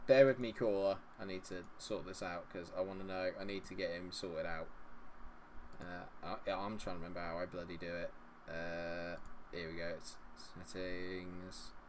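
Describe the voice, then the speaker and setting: A man's voice: sits low, little pitch movement, moderate pace, noisy background. Jokey streamer chatting with his viewers. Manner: chatty, jokey, laughs often, talks to chat. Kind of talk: live-stream chat with viewers.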